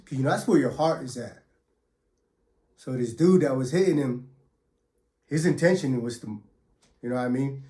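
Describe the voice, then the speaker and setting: A man with a medium, slightly mellow voice casually tells a story from his years in prison, packed with profanity and street slang, acting out the blows as he goes. The recording has an echoey room sound.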